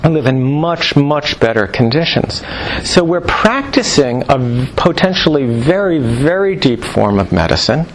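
A man giving a live lecture to practitioners, animated and jokey, firing rhetorical questions at the room. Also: on the high side, a little slow, hardly any pauses, slight background noise, rough recording. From New York. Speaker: lecturer on Chinese medicine.

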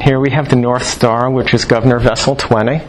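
A man giving a live lecture to practitioners, animated and jokey, firing rhetorical questions at the room. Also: mid-range voice, a little fast, slight background noise, poor audio. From New York. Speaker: lecturer on Chinese medicine.

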